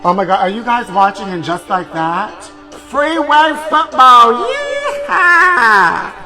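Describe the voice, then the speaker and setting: A man putting on an impression of a brash nonbinary TV comedian character who whoops and shouts. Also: sits high, normal speed, music in the background. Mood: rowdy.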